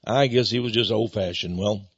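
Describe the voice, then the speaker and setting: A man's voice: lowish voice, normal speed, slightly rough, no room sound, muffled recording. An older man hosting a talk radio show, rambling in a folksy way with chuckling asides. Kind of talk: talk radio monologue with book pitch.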